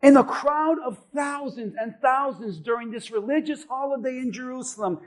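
A man preaching a sermon as pastor, building to shouted refrains and acting out voices. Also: very high-pitched, moderate pace, few pauses. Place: church.

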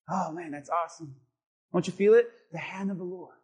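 Male preacher, very high voice, fervent and emphatic, quiet-to-shouting swings, rhetorical questions. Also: normal speed, husky. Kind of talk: sermon.

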